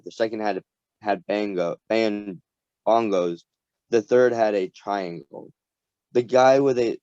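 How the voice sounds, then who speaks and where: A man reading a novel aloud to a community reading group, halting and often restarting words. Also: lowish voice, a little mellow, dry recording. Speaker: story reader. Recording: dull dry lo-fi recording.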